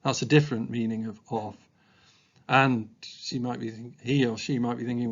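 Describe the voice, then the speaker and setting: A man talks through a training presentation in a measured, thoughtful way, often filling pauses with ums and uhs. His voice sits at an ordinary middle pitch, and the recording sounds a little dull and lo-fi. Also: steady tone. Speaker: special school staff trainer. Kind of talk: explanatory training talk.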